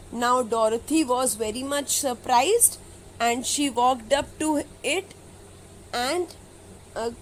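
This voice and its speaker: A woman's voice: sits high, slight background noise, poor audio. A woman teacher, reading a story aloud to children and explaining it line by line with frequent "okay" and "now". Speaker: English teacher.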